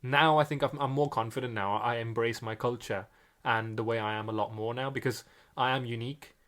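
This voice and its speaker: A man's voice: mid-range voice, fairly even intonation, fairly quick, a bit bright. A young man from India with an Indian accent mixed with British and American tones, earnestly reflecting as a podcast co-host. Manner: earnest, with frequent restarts.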